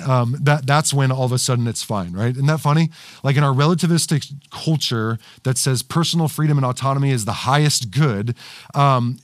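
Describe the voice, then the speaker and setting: A mid-range male voice in studio quality with no echo. A pastor preaching to livestream viewers in a studio with cameras and screens, he keeps it casual with plenty of fillers, restarts, and frequent "right?" asides.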